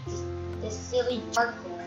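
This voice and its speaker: A woman's voice: fairly high pitch, measured pace. A woman giving casual let's-play commentary, chatty, grumbling at the game and scolding the animals on screen. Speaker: gameplay commentator. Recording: dull, echoey, distant mic with game music. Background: game music.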